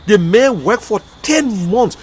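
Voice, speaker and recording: Fiery Liberian man, high voice. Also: animated, slow, breathy edge. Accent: Liberian English. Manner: emotional, fiery, repetitive outbursts. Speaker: online talk show host. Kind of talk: impassioned livestream commentary.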